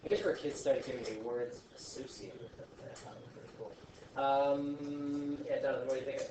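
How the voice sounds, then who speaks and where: A man teaching a science class, talking in a chatty, joking way with animated asides to his students. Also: medium pitch, moderate pace, a crowd in the background. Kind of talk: classroom lesson. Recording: echoey classroom from far off.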